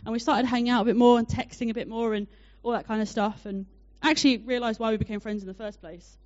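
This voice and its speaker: A young woman preaching a sermon, telling a personal story in a chatty, animated way with many fillers. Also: fairly high pitch, quick pace. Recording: dull lo-fi sound.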